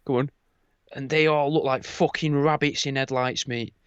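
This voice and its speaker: A man's voice: medium pitch, steady tone, moderate pace, fairly bright tone, clean tone, dry recording, muffled recording. A man, a podcast co-host, telling rambling anecdotes in a casual, sweary way.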